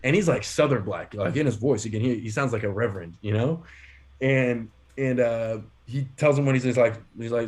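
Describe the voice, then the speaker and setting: A man co-hosting a podcast, telling funny stories in an animated way, laughing often. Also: medium pitch, moderate pace. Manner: animated, laughing, lots of fillers. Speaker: podcast co-host. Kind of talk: casual storytelling.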